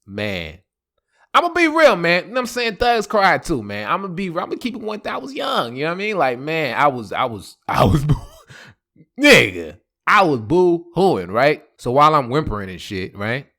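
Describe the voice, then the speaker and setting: A man's voice: on the high side, normal speed. A man telling a personal story in a casual, slangy vlog, laughing often. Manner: animated, slangy, laughing a lot.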